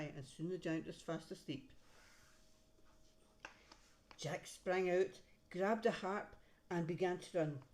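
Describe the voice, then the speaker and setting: A woman reading a storybook aloud to a child, pausing to point out the pictures. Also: lowish voice, darkish tone. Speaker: reader to a child.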